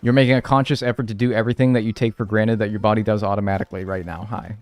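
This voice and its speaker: A man talks very fast in a low, level voice as he plays a video game on stream. Laid-back and slangy, he reads his chat and replies, saying "dude" and "like" a lot.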